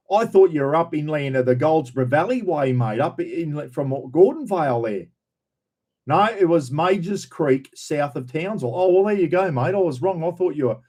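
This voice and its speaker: A man's voice: mid-range voice, warm tone. A man with an Australian accent, hosting a casual live chat about camping and greeting viewers in a rambling, folksy way. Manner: rambling, folksy, says "mate" and "bloody" a lot. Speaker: camping channel host.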